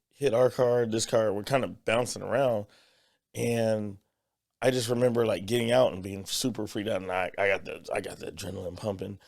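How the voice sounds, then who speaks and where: A man co-hosting a podcast, telling an animated story with acted-out quotes in a casual voice. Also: fairly low pitch, gravelly. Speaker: podcast co-host. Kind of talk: casual chat.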